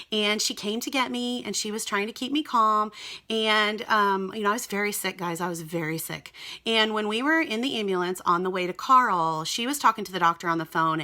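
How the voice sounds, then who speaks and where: A young woman recounts a personal testimony in a casual, earnest spoken style. She talks straight to her audience, and her voice is bright and clear. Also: medium pitch. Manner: earnest, emotional, addresses viewers as "you guys". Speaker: mother sharing a personal testimony.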